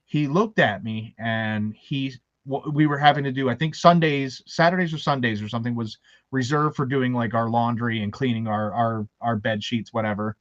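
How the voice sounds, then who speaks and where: A man's voice: mid-range voice, steady tone, normal speed, no echo, muffled recording. A man from Baltimore, with a faint Baltimore accent, hosting a casual chat. He tells rambling, anecdotal stories and laughs often. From Baltimore, USA. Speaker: host.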